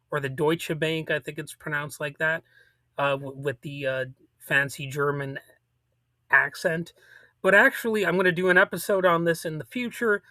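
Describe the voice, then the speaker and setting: A man with a bright, forceful voice, pitched a touch above most men, talks through political commentary on his own show. He rambles, restarts and drops sarcastic asides. The sound is dry and close, with no room around it. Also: dry recording.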